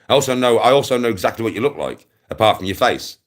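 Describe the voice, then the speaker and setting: A man's voice: lowish voice, big pitch swings, very fast. A young man ranting aggressively to his livestream viewers, swearing and repeating himself. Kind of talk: angry rant to camera.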